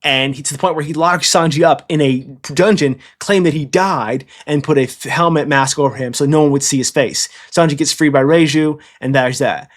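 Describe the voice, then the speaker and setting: A man's voice: on the high side, normal speed, few pauses. A man in casual, rambling commentary, blunt and profane, who keeps checking in with "okay?". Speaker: anime commentator. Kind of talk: casual tier-list commentary.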